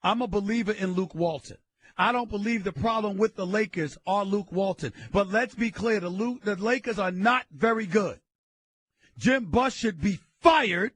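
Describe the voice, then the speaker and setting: A man hosting a sports radio show, ranting loudly and emphatically with frequent bursts of shouting into a studio mic. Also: high voice. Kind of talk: opinionated sports radio talk.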